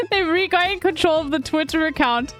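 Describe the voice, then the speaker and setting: A woman's voice: very high-pitched, sharp tone. A woman streamer chatting casually while reacting to news, giggling often and trailing off mid-sentence. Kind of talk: casual chat.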